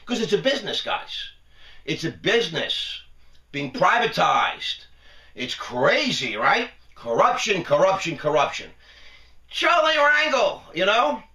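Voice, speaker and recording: A man rants sarcastically in a high, gravelly voice with a bright, tense edge. He talks animatedly and breaks into laughs. He is recorded in an echoey room, a little way from the mic. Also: very animated, measured pace, far from the mic. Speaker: host of a commentary video. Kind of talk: ranting commentary.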